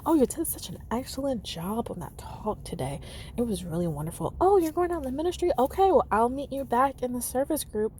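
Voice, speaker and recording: A woman's voice: fairly high pitch, big pitch swings, fairly quick, dark tone, a little hiss or hum, voice pushed up. A woman voicing a prim, overly sweet woman of a church congregation, in a syrupy polite greeting tone. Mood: sugary polite.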